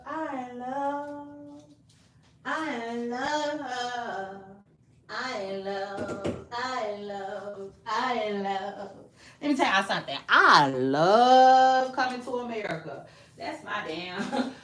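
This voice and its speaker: A woman's voice: lowish voice, a bit bright, a little hiss or hum. Drawling chatty woman vlogger. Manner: chatty, repeats herself, drawling asides. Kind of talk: casual gossip commentary.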